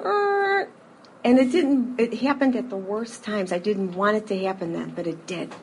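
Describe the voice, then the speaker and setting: A middle-aged woman giving a personal recovery testimony to a live audience, telling her story in a lively way, acting out scenes, with frequent fillers. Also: medium pitch, a little hiss or hum. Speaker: speaker sharing a recovery story.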